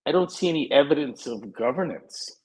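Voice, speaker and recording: A man's voice: medium pitch, lively intonation, fairly quick, darkish tone, breathy edge, rough recording. A man chatting as a podcast guest, blunt and plainspoken with frequent profanity. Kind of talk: casual chat.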